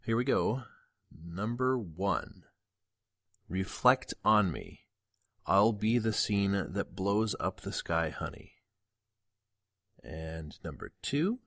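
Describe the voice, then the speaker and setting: A man hosting a podcast, slowly and deliberately reading out song lyrics for a quiz. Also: sits low, lively intonation, fairly bright tone, no echo, clean studio sound. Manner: drawn-out, measured recitation of lyrics. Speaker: podcast host.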